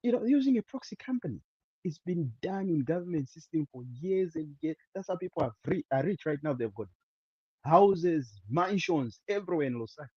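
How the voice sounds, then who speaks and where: A Zambian man holds forth on a panel discussion, his husky voice coming through a dull, lo-fi call line. He stops and restarts often, padding his points with fillers. The sound is dry and close. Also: on the high side, expressive, dry recording. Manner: halting, many fillers and restarts. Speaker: podcast panelist. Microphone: remote call.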